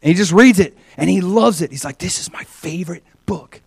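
Animated man preaching a sermon. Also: high-pitched, brisk, creaky, slightly rough, dry recording, studio quality. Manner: animated storytelling, acting out quoted people. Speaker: pastor. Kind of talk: sermon with personal stories.

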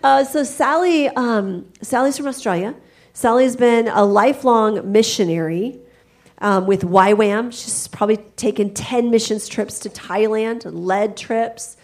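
A woman's voice: a little high, unhurried, a little mellow. A woman hosting at church, introducing a guest speaker in an effusive, enthusiastic way. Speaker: church host.

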